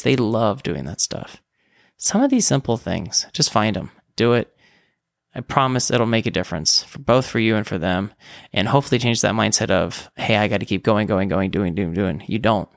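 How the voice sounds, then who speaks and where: A man talks through his podcast episode in a relaxed, conversational way, stopping to correct himself now and then. His mid-range voice has a gravelly texture. The sound is dry and close. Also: medium pitch, no room sound. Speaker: podcast host. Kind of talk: casual solo podcast talk.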